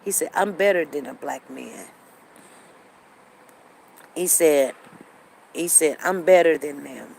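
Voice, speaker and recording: Speaking slowly with long pauses, a female show host relates a story to her viewers, circling back over her points and performing what others said. Her low voice is gravelly and a little mellow. The rough recording carries a bit of hiss or hum.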